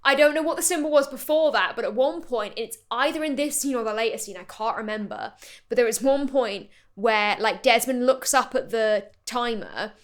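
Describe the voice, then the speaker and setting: A woman's voice: a little high, moderate pace. A woman co-hosting a comedy podcast, chatting casually about a TV show and often restarting her sentences mid-thought. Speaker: podcast co-host.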